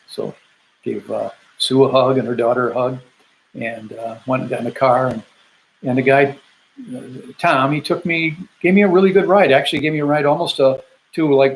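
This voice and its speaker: An older man in his seventies, a veteran casually recounting his journey home. He rambles in easy, conversational stretches, restarting sentences and slipping into quoted dialogue, at a middle pitch with a faint hum of room noise behind him. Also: a bit bright, rough recording. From Grand Rapids, Michigan, USA. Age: 70s. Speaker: Vietnam veteran telling his story. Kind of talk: casual first-person storytelling.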